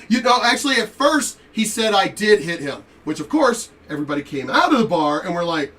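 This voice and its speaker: A man telling a story in a profane, animated rant while commenting on a reaction video. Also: high-pitched, normal speed, distant mic. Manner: animated, profane, laughing asides.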